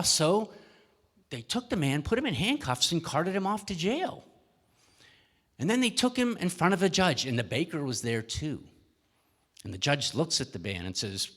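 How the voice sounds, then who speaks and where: A man's voice: mid-range voice, lively intonation, normal speed, fairly bright tone. A male minister telling a children's story at a worship service, asking the children questions as he goes. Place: church sanctuary. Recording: echoey church hall.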